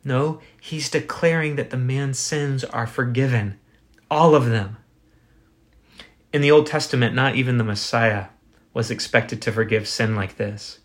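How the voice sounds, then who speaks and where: An earnest male pastor delivering a Sunday sermon in a church. His voice sits at an ordinary middle pitch, and he drives his points home with rhetorical questions and slow, deliberate pauses.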